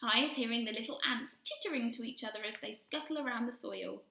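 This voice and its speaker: Woman voicing a gentle giant with jumbled grammar. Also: a little high, quick pace, gravelly, roomy sound. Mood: wondering. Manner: jumbled grammar, twisty made-up words. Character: kindly big-eared male giant, gentle, earnest.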